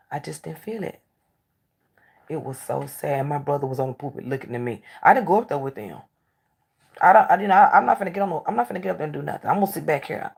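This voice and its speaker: A woman talk show host tells stories in casual conversation, blunt and candid, swinging from animated outbursts to hushed asides. Her voice sits low and is slightly rough, with vocal fry.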